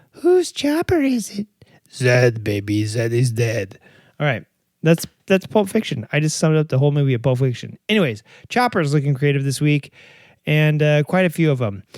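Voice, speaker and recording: A middle-aged male podcast host with a fairly high, slightly mellow voice rambles through a casual monologue, joking and making fun of himself amid many fillers and restarts. The studio sound is clean, with no room sound.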